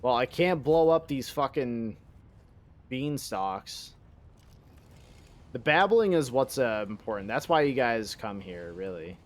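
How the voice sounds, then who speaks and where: A man's voice: mid-range voice, lively intonation, slow pace, pauses often. A man streaming a game live, rambling and joking in casual chat and swearing freely.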